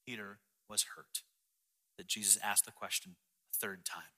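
A man preaching a sermon as the pastor, reading scripture passages in a lower, softer voice. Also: big pitch swings, moderate pace. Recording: long hall reverb.

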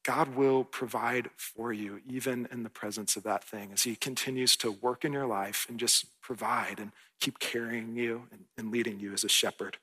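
A man's voice: mid-range voice, fairly even intonation, moderate pace, few pauses, pushed and bright, husky. A man in his thirties, a pastor preaching a sermon in a church in an earnest, conversational way, often checking in with "right?".

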